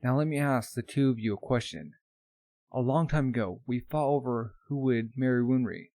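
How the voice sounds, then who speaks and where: Brief: man reading brash teen boy hero, quick temper, plain mid voice. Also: medium pitch, dark tone, dry recording, close to an everyday voice.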